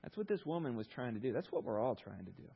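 Brief: male pastor, husky voice, storytelling sermon, slightly dull recording. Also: mid-range voice, fast. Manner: storytelling, animated retelling with rhetorical questions.

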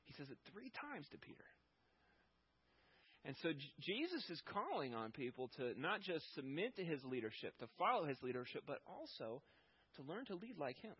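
Husky-voiced man preaching a sermon. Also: on the high side, big pitch swings, fairly quick, highs cut off. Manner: conversational preaching, rising with emphasis when voicing God. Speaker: pastor.

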